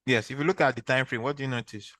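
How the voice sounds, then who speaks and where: A man's voice: medium pitch, fairly even intonation, fast talker, a bit bright, dry recording. A man with a Nigerian accent teaching a trading lesson online, patiently walking through steps and quizzing his students with repeated questions. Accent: Nigerian English. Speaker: trading instructor. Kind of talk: online screen-share training session.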